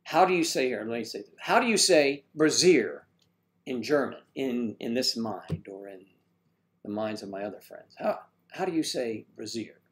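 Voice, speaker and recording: A man's voice: mid-range voice, expressive, normal speed. An older man hosting a casual livestream chat, reading viewer comments aloud in a jokey, teasing way. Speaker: livestream host.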